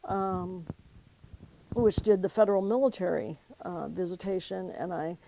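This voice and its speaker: A woman's voice: on the low side, measured pace, gravelly, warm tone, slight background noise, poor audio. A woman who was once a pastor tells her life story in an oral history interview, reflective and emotional, often quoting past conversations. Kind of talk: personal storytelling.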